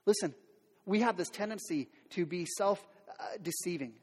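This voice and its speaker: A man's high voice, a little mellow and slightly rough, carries a sermon at normal speed. As pastor he speaks candidly and conversationally, with lots of fillers and restarts, imitating the voices of everyday people he quotes. The recording has long hall reverb.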